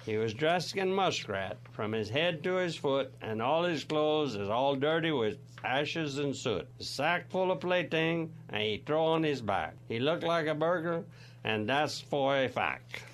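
Older Cajun man reciting with lively pitch. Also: a little slow, slight background noise. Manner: rhythmic folksy recitation. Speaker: guest reader. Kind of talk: reading a dialect poem aloud.

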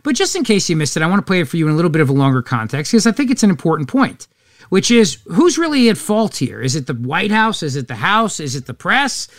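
A man's voice: a little high, sing-song, fast, fairly bright tone, no echo, studio quality. Sarcastic man hosting a talk show. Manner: sarcastic and mocking. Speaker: radio talk show host. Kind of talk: opinionated commentary.

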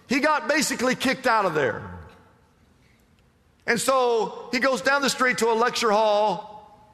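A man's voice: high voice, sharp tone. A man preaching a sermon to a congregation and drawing answers from them with questions, recorded in a church. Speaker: pastor. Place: church sanctuary. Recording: long reverb from a large room.

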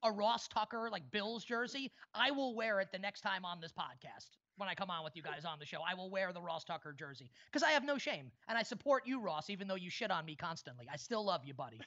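A man ribbing his co-hosts in loose, profane podcast banter. His voice is bright and forceful. The sound is dull and lo-fi, as from a remote call. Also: high voice, big pitch swings, brisk, few pauses. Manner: teasing, joking, profane. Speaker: podcast host. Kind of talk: casual sports podcast banter. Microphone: video call.

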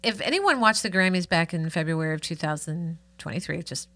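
A woman co-hosting a podcast in casual chat, her voice sitting a little low yet crisp and bright. She tells stories with a chatty, eager enthusiasm. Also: expressive, fairly quick. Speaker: podcast co-host.

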